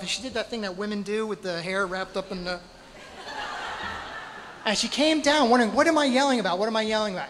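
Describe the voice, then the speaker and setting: A man with a high voice tells a dramatic story live on stage, drawing it out with pauses and spoken sound effects, poking fun at himself along the way. The hall's long reverb trails after each phrase, with faint ambience underneath. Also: fairly bright tone, a little hiss or hum. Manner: self-deprecating humor. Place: stage in a hall at a storytelling night.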